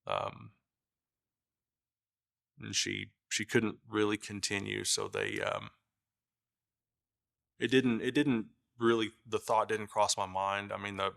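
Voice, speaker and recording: A middle-aged man giving a halting documentary interview, with many fillers and restarts. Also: lowish voice, vocal fry, pushed and bright. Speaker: brother of the deceased.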